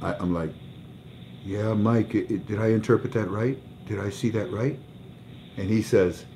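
On his livestream, a man undergoing cancer treatment tells a personal story in casual talk. His low voice is a little mellow, and he speaks emotionally, often going back over the same words, with faint noise behind him.

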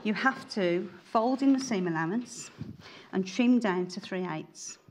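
A woman's voice: medium pitch, animated, measured pace, slight background noise. A woman demonstrating sewing steps in a live shopping broadcast, chatty and a little hesitant. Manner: chatty, hesitant, giggles nervously.

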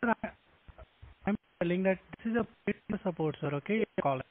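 Guy on the phone getting fed up, high voice, tinny line. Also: expressive, a little fast. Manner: exasperated, repeats "sir". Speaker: phone scammer.

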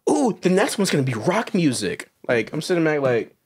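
Male co-host, lively pitch swings, slightly high, animated storyteller who mocks voices in quotes. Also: normal speed, slightly rough. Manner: animated storyteller, mocking voices when quoting people. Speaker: podcast co-host. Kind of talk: casual opinionated chat. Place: recording studio.

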